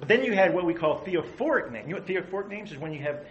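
A man's voice: high voice, lively intonation, fast talker, lo-fi sound, a little hiss or hum. A middle-aged man preaching a conversational sermon, asking his listeners questions. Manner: conversational, asks the audience questions. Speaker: pastor.

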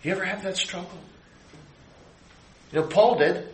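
A middle-aged man preaching a sermon, building his phrases to emphatic high peaks and then dropping low. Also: animated, unhurried, pauses often, fairly bright tone, roomy sound, poor audio.

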